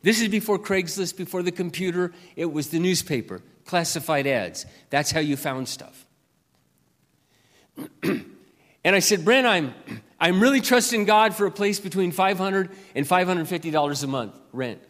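A man preaching as a pastor, telling a personal story in an earnest way, then reading scripture slowly and loudly. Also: sits high, animated, long reverb tail.

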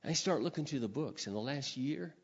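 An older man preacher telling a personal story in a sermon, acting out his prayers and phone calls with lively emotion. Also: a little fast, slightly rough. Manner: animated storyteller, acting out his own prayers with rising pitch. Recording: dull reverberant hall sound.

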